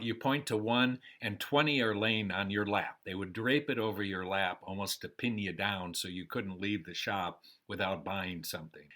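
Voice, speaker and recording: An older American man telling his life story in a rambling, unhurried way, with pauses and fillers. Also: fairly low pitch, a bit bright. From United States. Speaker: memoir storyteller. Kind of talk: casual spoken memoir.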